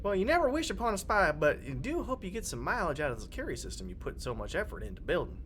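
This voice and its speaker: A woman voicing a lonely, paranoid male security chief with a Pennsylvania accent, talking in a gruff, folksy way. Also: fairly low pitch, sing-song, very fast, slight background noise.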